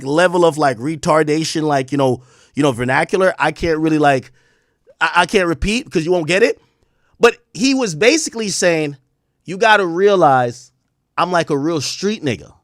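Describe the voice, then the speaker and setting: A man streaming and ranting about a phone call, his voice leaping around with a lively, swinging pitch and a slightly higher tone than most men. The sound is close and dry, with no room around it. He mocks the people he imitates and laughs between jabs. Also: no echo. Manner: animated, profane, mocking impressions, laughs often. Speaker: streamer host. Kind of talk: casual storytelling rant on a livestream.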